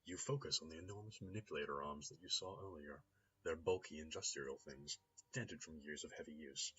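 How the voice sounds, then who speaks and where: Deep-voiced man narrating a story game. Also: a little fast, sharp tone. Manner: reads descriptive text aloud, upbeat asides. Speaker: gamer playing and reading a story game. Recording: slightly dull lo-fi recording with faint noise.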